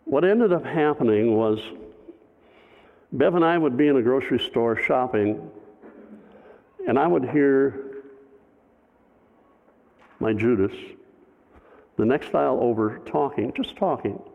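A man's voice: mid-range voice, lively intonation, slow pace, gravelly, pauses often. A man, a pastor, telling a personal story in a sermon, conversational with wry humor. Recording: phone-like, long hall reverb.

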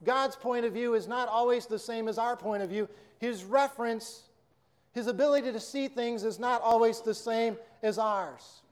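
A preacher telling a story and then giving a sermon in an earnest, measured way. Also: male voice, very high-pitched.

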